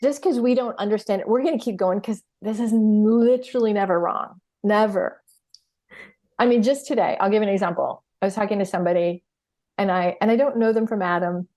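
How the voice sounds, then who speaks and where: A middle-aged woman in a casual interview chat who tells her stories with lots of energy. She acts out her own past reactions and laughs often. Her voice sits at an ordinary pitch for a woman. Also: fairly quick, warm tone. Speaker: podcast guest, healer and coach.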